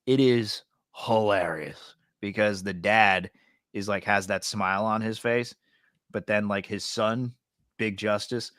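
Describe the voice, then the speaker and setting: A man's voice: fairly low pitch, steady tone, measured pace, a bit bright, no room sound, studio quality. A man co-hosting a casual podcast chat, telling stories in a laid-back, amused way. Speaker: podcast co-host.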